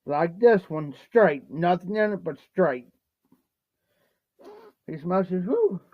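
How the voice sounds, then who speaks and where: On a lo-fi, dry phone livestream, a man from Ohio mixes drinks at home while rambling through a repetitive, folksy story. He keeps saying "no joke," his high voice taking things slowly.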